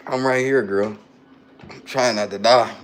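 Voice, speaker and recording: A man's voice: mid-range voice, fairly even intonation, measured pace, noisy background. A man chatting casually on a phone livestream, joking and reading his chat aloud while queasy and burping after a hot sauce shot.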